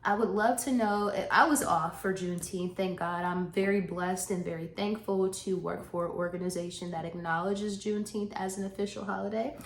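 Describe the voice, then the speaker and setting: A Southern US woman vlogs in a casual chat to camera, her medium-pitched voice steady, at normal speed with few pauses. She laughs often, restarts sentences, and sounds a little out of breath. The room echoes and has faint noise.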